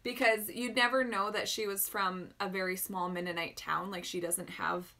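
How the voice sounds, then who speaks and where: Canadian woman chatting on a phone live stream, bright clear voice, answering comments. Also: medium pitch, steady tone, moderate pace. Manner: chatty, reads out and responds to comments. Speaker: host answering viewer questions on a live stream. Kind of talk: casual live-stream chat.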